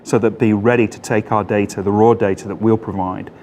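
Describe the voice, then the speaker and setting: Deep-voiced man explaining science methodically. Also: steady tone, a little fast, darkish tone, slight background noise. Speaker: mission scientist. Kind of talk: explanatory interview answers.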